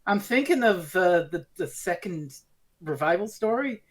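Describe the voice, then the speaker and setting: A man co-hosting a podcast, chatting casually about a TV serial, animated and swearing freely as he acts out quotes. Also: high voice, unhurried. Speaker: podcast co-host. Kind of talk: casual review chat.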